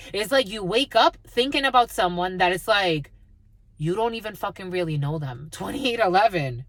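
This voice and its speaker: A woman's voice: medium pitch, a bit bright, no room sound. Blunt, foul-mouthed woman giving a spiritual reading. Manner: blunt, swears constantly, laughs at her own reading. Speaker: spiritual reader. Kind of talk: profane channeled energy reading.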